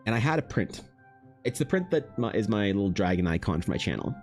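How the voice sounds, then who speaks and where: A young man from Canada with a very low, deep voice tells a rambling story on his art stream. He talks in an animated, casual way, swearing freely and restarting sentences, while faint music plays underneath. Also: brisk. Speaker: artist streamer.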